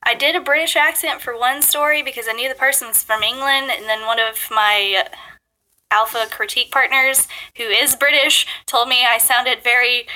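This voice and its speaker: A woman's voice: on the high side, steady tone, normal speed, pushed and bright, poor audio. A woman guest on an interview podcast, chatting casually about her writing and often laughing.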